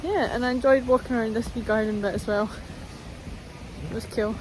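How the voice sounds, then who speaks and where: A young woman vlogs on the go, chatting casually and thinking aloud with fillers and giggles. Her voice sits a touch high, and clear background noise from the surroundings runs under everything she says. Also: steady tone, fairly quick, darkish tone, low-quality recording. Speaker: travel vlogger. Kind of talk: casual chat while sightseeing. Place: walking outdoors and through a museum, filming on a camera.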